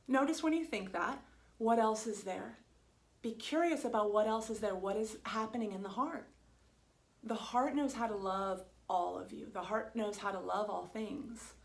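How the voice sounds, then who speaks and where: A middle-aged woman psychotherapist speaks to her viewers in a soft, slow, soothing voice. Her tone has a slight gravelly fry, and her pitch sits in the middle for a woman. She pauses often and lets her words land gently. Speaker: holistic psychotherapist. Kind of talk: gentle reflective video talk to viewers.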